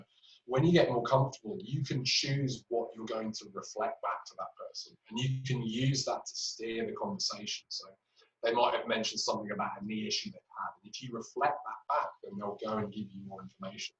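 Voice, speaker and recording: This man, a clinical trainer, speaks at medium pitch and normal speed while teaching clinical communication in a webinar. He leans on patient examples and uses frequent fillers, and the webinar audio is roomy, distant and dull.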